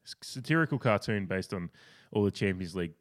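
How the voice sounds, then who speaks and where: A man co-hosting a casual sports podcast, telling stories in a rambling, animated way with lots of restarts. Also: deep voice, a little fast. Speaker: podcast co-host.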